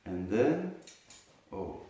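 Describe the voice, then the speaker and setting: A man giving a scripture class in a temple hall, halting and repeating words, with many fillers. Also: on the low side, sing-song, warm tone. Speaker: lecturer on scripture. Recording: distant echoey hall mic, faint noise.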